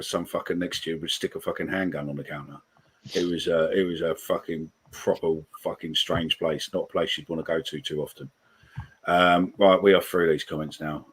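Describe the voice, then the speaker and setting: A man's voice: low voice, husky. A man, hosting a live call-in podcast, swearing freely as he reads out comments. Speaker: podcast host.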